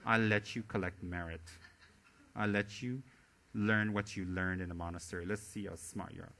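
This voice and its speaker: A haughty student drawls quietly in a low, dismissive tone, put on by a man. Every word sounds like a favor granted. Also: steady tone, normal speed. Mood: smug.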